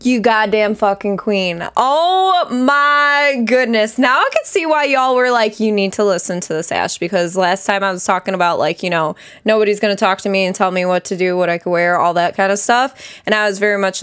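A young woman chatting casually on her reaction channel, excitable and profane, laughing often and drawing out her exclamations. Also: mid-range voice, brisk, clean tone. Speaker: music reaction YouTuber.

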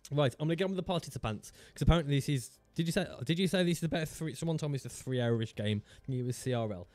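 A man's voice: fairly high pitch, very fast, a little mellow, no echo, soft background music. A man chatting casually on a live stream, rambling, chatty and self-mocking, swearing freely into a desk mic.

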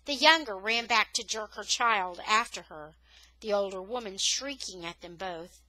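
Here a woman of medium pitch narrates a novel at normal speed, her voice rising expressively at the dramatic moments. The recording sounds dry and rough.

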